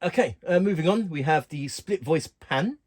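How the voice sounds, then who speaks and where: A man casually walking through keyboard functions in a relaxed, plain way, talking while he presses buttons. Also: on the high side, moderate pace. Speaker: keyboard tutorial host. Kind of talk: casual instructional walkthrough.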